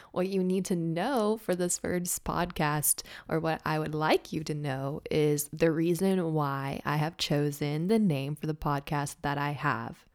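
Young woman, low-pitched and slightly raspy, upbeat chatty podcast host. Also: darkish tone. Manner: bubbly, chatty, encouraging. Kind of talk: casual faith podcast talk.

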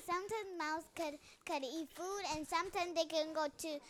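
High-voiced girl, halting and repetitive. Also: over a noisy crowd. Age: child. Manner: halting, repeats words while thinking. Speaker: podcast guest. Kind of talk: casual chat. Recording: clear background noise.

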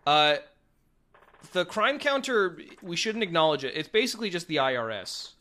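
A man's voice: on the high side, big pitch swings, moderate pace, very noisy. A young man in casual chat with friends, rambling and teasing, full of likes and restarts.

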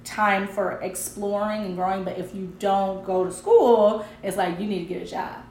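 A woman co-hosting a casual chat podcast, animated and quick to laugh, turning measured when she explains a point. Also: medium pitch, a little hiss or hum. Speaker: podcast co-host. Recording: roomy echo with faint ambience.

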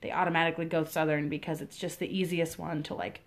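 A woman's voice: deep voice, level tone, fast, creaky. A young Midwestern woman co-hosting a podcast, chatting casually and enthusiastically with plenty of fillers. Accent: Midwestern American. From American Midwest. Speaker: podcast co-host. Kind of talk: casual chat.

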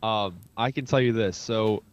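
A man's voice: lowish voice, measured pace. Enthusiastic rambling male podcast co-host. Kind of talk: casual sports chat. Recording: dull lo-fi sound.

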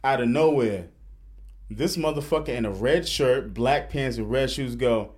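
A man's voice: medium pitch, a little slow. A man hosting a podcast, telling stories in casual, profane chat and laughing as he goes. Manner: animated, profane, laughs through his stories. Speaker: podcast host.

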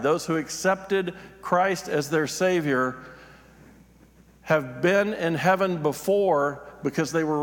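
A man's voice: a little high, a bit bright, long reverb tail. A man, a pastor, preaching a sermon, reading scripture aloud and then explaining it in plain talk, rising in emphasis on his points.

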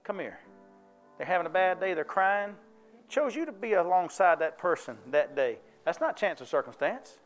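High male voice, down-home church preacher, faint music bed. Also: expressive, normal speed. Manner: folksy, conversational preaching with call-and-response questions. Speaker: pastor. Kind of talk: sermon.

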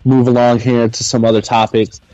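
A man's voice: mid-range voice, flat delivery, fairly quick, warm tone, no echo. Man hosting a podcast, dry dull sound. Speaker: podcast host. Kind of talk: casual chat, reading out show stats.

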